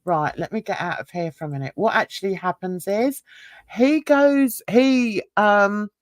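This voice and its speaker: Give me a woman host who rambles animatedly, slow-paced with a dry close sound. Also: mid-range voice, no echo. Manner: animated, laughing, restarts and trails off. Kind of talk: rambling casual storytelling.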